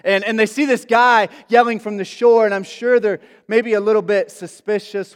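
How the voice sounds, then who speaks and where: A man's voice: sits high, fairly even intonation, normal speed, few pauses, clean tone. A man preaching a casual, conversational sermon as a pastor, full of asides and fillers. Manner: chatty, many asides and fillers. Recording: long reverb of a large hall.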